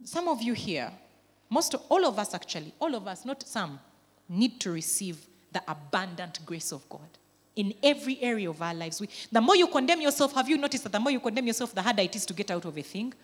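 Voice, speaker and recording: A woman pastor preaching a sermon, with emphatic swells of intensity that drop back to quieter, conversational stretches. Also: medium pitch, big pitch swings, a little fast, husky, in a large hall.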